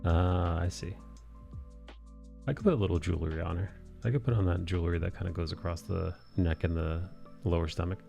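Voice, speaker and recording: Deep gravelly man chatting on stream. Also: mellow, highs cut off, faint music behind. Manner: rambling, halting, many fillers. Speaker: streamer drawing live. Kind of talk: casual chat while drawing.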